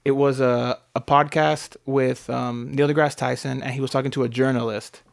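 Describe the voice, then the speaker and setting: A man co-hosting a podcast in casual chat, reading out figures and reacting excitedly, with casual swearing. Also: medium pitch, moderate pace, vocal fry. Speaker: podcast co-host.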